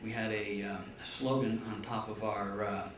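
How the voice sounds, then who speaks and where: A business lecturer tells anecdotes in a classroom or lecture hall, speaking at normal speed with a level tone and acting out dialogue in a high voice. The room is echoey, he's far from the mic, and there's faint noise.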